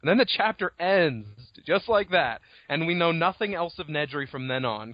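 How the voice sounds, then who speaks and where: Animated, swearing man on a lo-fi podcast. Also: fairly high pitch, moderate pace, no room sound. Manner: animated, swears freely, acts out scenes. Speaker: podcast co-host. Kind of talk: casual book discussion. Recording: dull lo-fi podcast audio.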